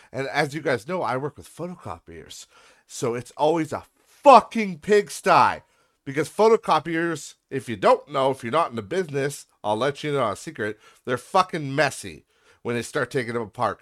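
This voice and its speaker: A man's voice: fairly high pitch, fairly bright tone. A young man hosting a podcast, ranting in a frustrated, profane way about a messy workplace. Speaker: podcast host. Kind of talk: casual venting monologue.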